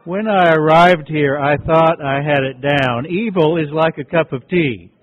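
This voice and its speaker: A man presenting at a workshop, giving a reflective lecture and telling a teaching story in a measured, deliberate way. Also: fairly high pitch. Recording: tinny phone-like recording.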